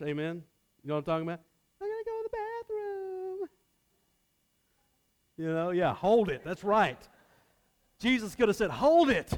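A man preaching a sermon in a conversational way, asking his listeners questions and acting out the lines he quotes. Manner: conversational, asks the audience questions; acts out quoted lines with big swings in pitch and loudness. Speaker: pastor.

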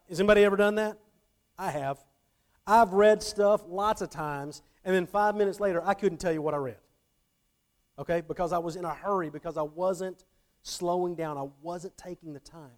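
Higher-voiced man teaching Scripture. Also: a little mellow. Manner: checks in often with the audience, repeats words on restarts. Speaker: Bible teacher. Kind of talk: conversational teaching talk.

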